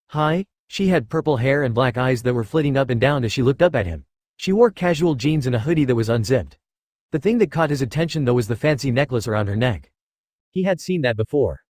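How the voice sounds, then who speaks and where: A man's voice: medium pitch, darkish tone, no room sound. Man narrating in a dry, close voice. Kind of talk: scripted narration of fan fiction.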